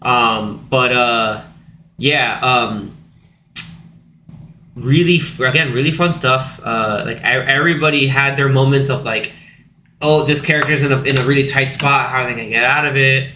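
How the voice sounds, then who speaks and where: A young man co-hosting a casual movie podcast, talking animatedly, acting out scenes in high silly voices, with plenty of fillers. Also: moderate pace. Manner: animated, acts out characters in high put-on voices, many fillers. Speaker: podcast co-host. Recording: echoey room with faint background noise.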